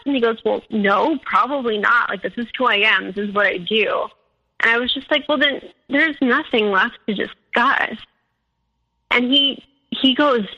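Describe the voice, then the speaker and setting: A woman's voice: mid-range voice, sharp tone. A woman telling her own story in casual conversation, acting out both sides of the arguments she quotes. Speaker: guest sharing her story. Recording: lo-fi call audio.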